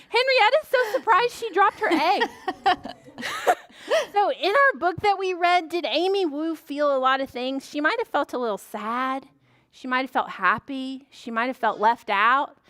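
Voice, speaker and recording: A woman librarian leading a preschool story time, animated and sing-song, gasping in surprise as she talks to small children. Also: sits high, dry recording.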